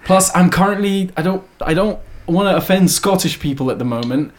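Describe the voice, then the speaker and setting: High-pitched man, comedy podcast co-host, giggly and quick to defend himself. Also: expressive. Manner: defensive, laughs often. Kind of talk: casual comedy chat.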